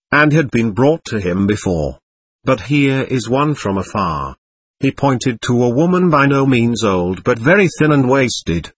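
A man narrating a classic novel as an audiobook, reading in a measured, earnest way. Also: mid-range voice, breathy edge, dry recording.

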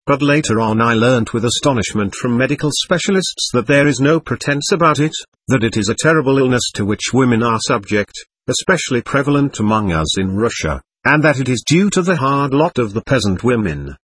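Husky guy reading an old novel aloud, lively pitch, dry close sound. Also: no echo. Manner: measured, earnest reading. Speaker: audiobook narrator. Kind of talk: scripted narration of a classic novel.

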